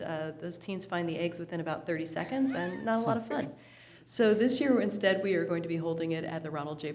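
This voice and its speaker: Woman reading out a staff report at a city council meeting, low voice, a bit of faint room noise. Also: darkish tone. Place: council chamber.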